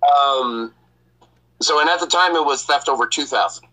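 Male host, bright and forceful tone, loose profane storytelling. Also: mid-range voice, normal speed, low-quality recording. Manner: profane, laughs often. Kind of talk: casual storytelling.

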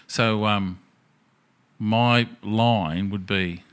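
A man's voice: fairly low pitch, a little fast, pushed and bright. A man, co-hosting a podcast and swapping crude stories in casual banter. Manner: blunt, storytelling, swears freely. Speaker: podcast co-host.

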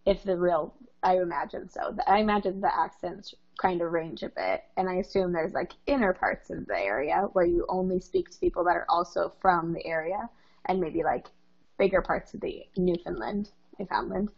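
A woman's voice: on the low side, normal speed, gravelly. Thoughtful woman on a dull lo-fi mic. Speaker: podcast co-host. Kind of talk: casual chat. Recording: dull lo-fi sound.

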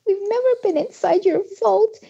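A frightened teenage girl pleads in a high, breathy falsetto, put on by a man reading aloud. Her voice sits far above his own and sounds soft and mellow. The recording is dull and lo-fi. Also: moderate pace. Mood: pleading.

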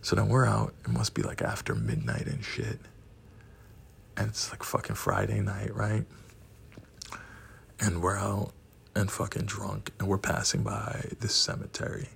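A man's voice: lowish voice, a little slow, long pauses. A man in his forties telling a profane, rowdy personal story and laughing at his own punchlines. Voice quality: gravelly, husky voice.

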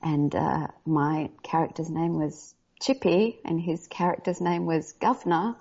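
A woman's voice: low-pitched, steady tone, unhurried, creaky, darkish tone, slightly rough. Chatty woman guest on a podcast. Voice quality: chatty, enthusiastic. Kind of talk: casual podcast chat. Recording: slightly dull lo-fi sound.

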